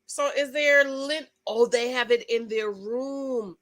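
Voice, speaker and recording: Chatty, bright-voiced woman recapping TV. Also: a little high. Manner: chatty, gossipy, quick exclamations. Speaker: channel host. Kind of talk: casual reality TV recap commentary.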